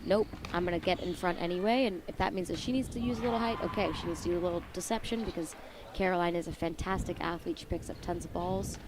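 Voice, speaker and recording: A woman's voice: fairly low pitch, steady tone, fast talker, few pauses. A woman giving live color commentary on a squash match, often acting out players' thoughts in quotes. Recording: noisy venue audio.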